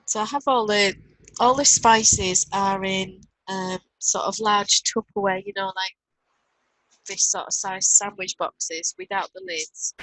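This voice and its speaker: A woman's voice: medium pitch, steady tone, unhurried, fairly bright tone, no room sound, low-quality recording. A middle-aged woman with a Northern English accent, co-hosting a casual online chat and reading out viewer comments. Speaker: co-host. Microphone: video call.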